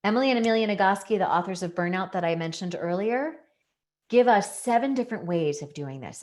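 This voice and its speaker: A woman giving an educational talk, explaining things earnestly and leaning on key words for emphasis. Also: mid-range voice. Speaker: presenter.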